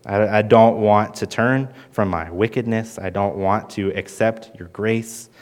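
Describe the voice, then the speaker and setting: A man voicing a despairing, sulking male prophet who wishes for death, pleading wearily in a lowered voice. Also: steady tone, a little slow, big-room sound, natural voice. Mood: bitter.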